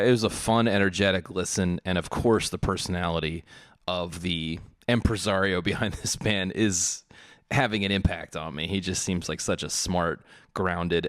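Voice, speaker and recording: A man's voice: deep voice, a bit bright, no echo. An American man co-hosting a podcast, reading listener mail aloud in a dry, amused way. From United States. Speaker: podcast co-host.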